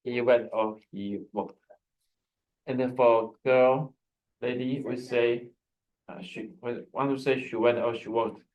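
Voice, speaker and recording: With a steady, darkish tone and highs cut off in the audio, an average-pitched man teaches Hebrew to students on a video call. He's slow and patient, often pausing to restart what he's saying.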